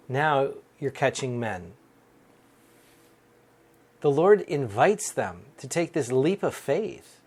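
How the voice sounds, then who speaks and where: A male Catholic priest giving a daily homily for a podcast, earnest and conversational, chuckling as he speaks. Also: mid-range voice. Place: rectory room.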